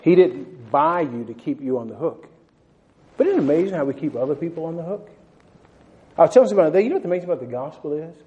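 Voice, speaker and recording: A man's voice: on the high side, dark tone, slightly rough, highs cut off. A man preaching a sermon and telling a story, talking fervently with frequent stumbling restarts, throwing in "man", and asking the listeners questions.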